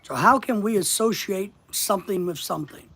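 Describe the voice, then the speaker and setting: Speaking directly to his viewers in a relaxed live stream, a man teaches casually in a husky, fairly high voice at a normal speed. He hammers points home by repeating key words again and again and greets people by name as they arrive.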